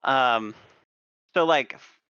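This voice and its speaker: A young man co-hosting a gaming podcast, explaining at a measured pace with hesitant pauses, on a slightly dull recording. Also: mid-range voice, pushed and bright, smooth, no echo. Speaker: podcast co-host. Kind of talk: casual chat.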